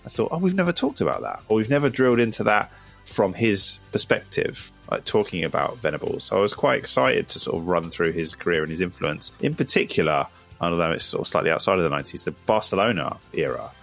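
A man's voice: sits low, lively intonation, quick pace, gravelly, fairly bright tone, soft background music. A man hosting a podcast in casual chat, telling stories in a chatty, self-mocking way. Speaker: podcast host.

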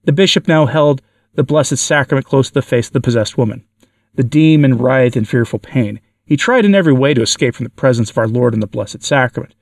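A man narrating a religious story aloud in a measured way, with occasional stumbles. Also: mid-range voice, creaky, no echo. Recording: dry, from far off the mic.

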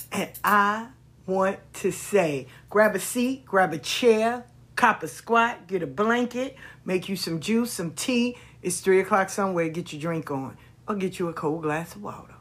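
A woman hosting a podcast, telling stories in a casual monologue, expressive and repetitive, swearing freely. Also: lowish voice, breathy edge. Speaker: podcast host.

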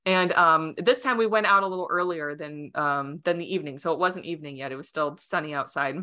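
Bright lively woman guest, casual storyteller, filler-heavy, slightly low voice. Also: a little fast. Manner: animated, acts out quoted voices; many fillers like "you know" and "like". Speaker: podcast guest.

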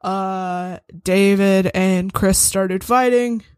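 Woman plays a groggy, hungover young man in a tabletop game, flat and curt, slow and dry. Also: mid-range voice, smooth, no room sound. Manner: flat, curt, half-awake mumble.

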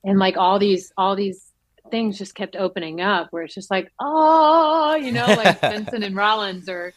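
Actress guest, woman, lively storyteller, dry close mic. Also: normal speed, dry recording. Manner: animated, acts out quotes with big pitch jumps. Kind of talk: casual interview chat.

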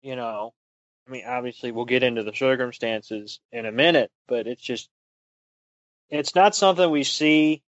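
A man's voice: medium pitch, moderate pace, dry recording, dull audio. A man co-hosting a casual podcast, teasing his partner dryly and thinking aloud with lots of ums. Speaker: podcast co-host.

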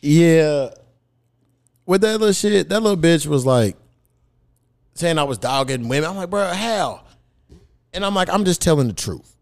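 A man hosting a casual podcast chat, telling stories in an animated, profane way. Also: a little high, moderate pace, creaky, pauses often.

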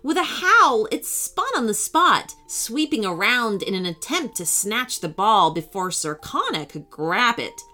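A woman narrating a scripted children's story in an expressive, animated storytelling manner. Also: fairly high pitch, unhurried, few pauses, soft background music.

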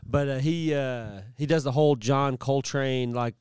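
A man's voice: medium pitch, slow pace, darkish tone, clean tone, dry recording, clean studio sound. A man co-hosting a casual podcast, chiming in with jokes and wandering off on tangents. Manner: chatty, jumps in with asides and tangents. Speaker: podcast co-host. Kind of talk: casual chat.

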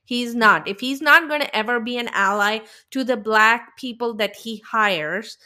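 A woman's voice: a little high, moderate pace, bright, forceful tone. A woman co-hosting a podcast, recapping a reality show in a heated, indignant casual rant. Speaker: podcast co-host.

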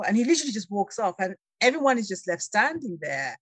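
Animated woman telling a travel story. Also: mid-range voice, brisk, dry recording. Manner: animated, laughing storyteller, acts out quoted voices. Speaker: guest. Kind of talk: storytelling in a conversation.

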